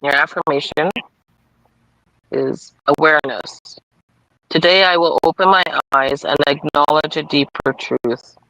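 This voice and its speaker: A man with a fairly high, light voice reads card messages on a live stream, unhurried and careful. The sound is dry and close, with no room around it. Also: sharp tone, no room sound, low-quality recording. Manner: slow, deliberate card reading with slips and apologies. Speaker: livestream co-host reading cards. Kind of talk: casual live chat, reading affirmations.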